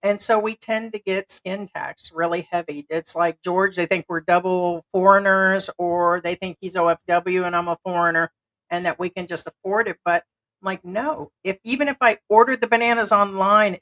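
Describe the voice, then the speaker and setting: A woman's voice: lowish voice, a bit bright, low-quality recording. A woman co-hosting a livestream, chatting casually and retelling stories with quoted back-and-forth dialogue. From United States. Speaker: livestream co-host.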